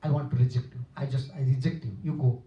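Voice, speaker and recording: A man's voice: medium pitch, fast, lo-fi sound. Older man preaching in a distant, echoey hall. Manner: simple non-native English, repetitive, animated when quoting characters. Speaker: spiritual teacher giving a lecture. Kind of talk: storytelling sermon. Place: temple hall.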